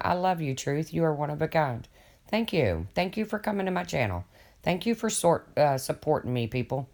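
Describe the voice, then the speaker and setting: An older man rambling casually to viewers on his livestream, folksy and swearing freely as he reads their comments. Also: on the high side. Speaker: livestream host.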